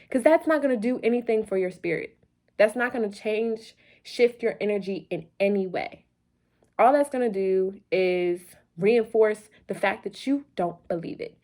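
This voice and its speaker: A woman's voice: mid-range voice, animated, unhurried. Playful, preachy young woman vlogger. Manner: playful, preachy, repeats phrases for emphasis. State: a little loopy late at night. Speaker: vlog host. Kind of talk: motivational talk to camera.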